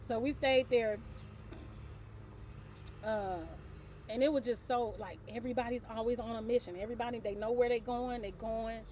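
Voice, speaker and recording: A woman's voice: fairly high pitch, fairly even intonation, moderate pace, long pauses, dark tone, slight background noise. A middle-aged woman hosting her own show, telling a casual story, laughing often and swearing offhandedly. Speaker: host.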